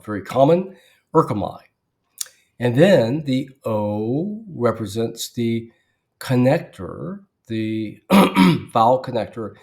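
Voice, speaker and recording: A man teaching verse by verse in a methodical way, pausing to spell out letters and often clearing his throat mid-sentence. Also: medium pitch.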